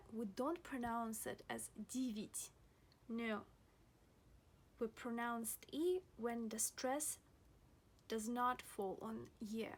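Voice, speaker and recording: A young woman teaching a pronunciation lesson, speaking slowly and deliberately and repeating each example word several times. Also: a little high, slightly rough. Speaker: language teacher.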